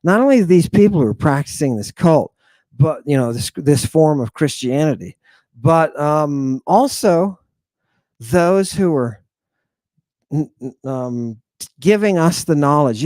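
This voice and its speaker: A man teaching an online lesson in an excitable, emphatic way, repeating phrases and swinging between loud outbursts and hushed asides. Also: mid-range voice, dry recording, clean studio sound. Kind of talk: animated online lecture.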